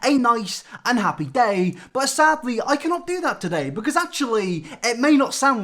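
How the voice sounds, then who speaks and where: Sarcastic young man, lively pitch. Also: normal speed, hardly any pauses. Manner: mock-angry, sarcastic, jumps between loud and hushed asides. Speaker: YouTuber. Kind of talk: satirical comedy rant.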